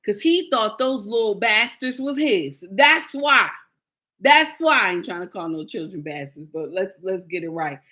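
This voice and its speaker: A woman's voice: mid-range voice, lively intonation, a little slow, bright, forceful tone. A woman, ranting in a sassy, indignant casual monologue to her viewers and acting out the people she quotes. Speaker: commentator.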